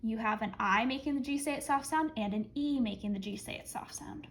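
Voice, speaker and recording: A woman with a slightly raised pitch walks students through a spelling list in a clear, patient teaching voice. She counts down before going over each word, and a faint hiss runs under the recording. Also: a little fast, poor audio. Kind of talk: spelling lesson.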